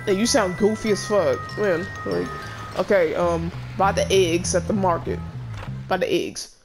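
A woman commentating her gameplay in a brash, loud, cussing way, constantly talking back at the characters on screen. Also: lowish voice, steady tone, a little slow, creaky, over music. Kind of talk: let's play commentary.

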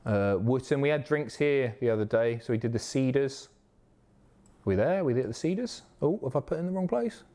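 A man from the Isle of Wight, chatting casually and excitably on a live stream, swearing often. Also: mid-range voice, normal speed. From Isle of Wight, England. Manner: excitable, sweary, reads chat aloud.

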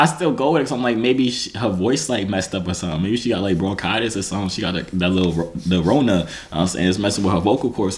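A man vlogger telling a personal story to camera in a casual, slangy, self-mocking way, with lots of restarts. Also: fairly low pitch. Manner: animated, slangy, self-mocking, full of restarts and "you feel me".

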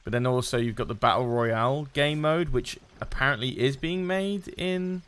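A man's voice: medium pitch, normal speed, a bit bright, smooth. A man streaming a video game, giving casual commentary as he plays, muttering to himself and swearing at the game.

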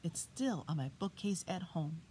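A middle-aged woman teacher reading poems aloud to children, booming out the sound words and asking them questions. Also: expressive, normal speed, warm tone, slight background noise. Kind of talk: read-aloud poetry lesson for children. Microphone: iPad.

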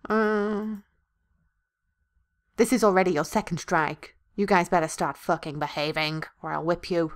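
A woman's voice: on the low side, steady tone, measured pace, long pauses. A woman playing through a visual novel, reading every character's lines aloud with crude ad-libbed jokes and laughter. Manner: crude jokey ad-libs, laughing between lines. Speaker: let's play host voicing all characters. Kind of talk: comedic game dialogue read-aloud.

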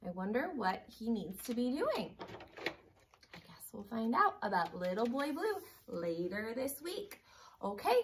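A woman teaching preschoolers at circle time, slightly hoarse from losing her voice, drawing out words in a sing-song way. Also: a little high, fairly bright tone. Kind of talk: circle time lesson for young children.

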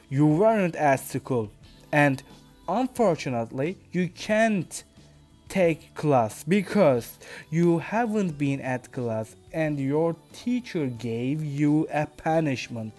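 A man's voice: on the high side, lively intonation, slow, a little mellow, faint music behind. A man with a Turkish accent voicing a stern father who lectures his young son firmly in a read-aloud story. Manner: firm, lecturing.

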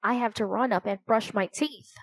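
A woman's voice: on the high side, normal speed, no echo. A woman reading the part of an eager, helpful young boy in a storybook, in a friendly, slightly raised voice.

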